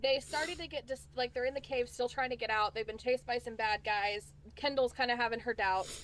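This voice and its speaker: A woman's voice: on the high side, a little fast, fairly bright tone. A woman co-hosting a casual book chat, rambling with fillers and restarts as she recaps a story. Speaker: book channel co-host.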